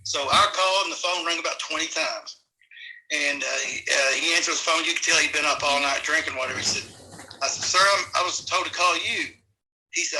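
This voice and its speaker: A middle-aged man, casually telling rambling, animated stories as a podcast guest. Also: on the high side, quick pace, poor audio. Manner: rambling, animated, with many restarts. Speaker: guest, former amateur wrestler. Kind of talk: casual storytelling.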